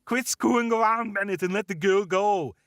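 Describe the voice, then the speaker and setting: A man's voice: sits high, moderate pace, a bit bright, no room sound, pitched above the performer's own voice. A man doing an impression of a muscle-bound action-movie hero, reciting taunting lines in a theatrical put-on accent.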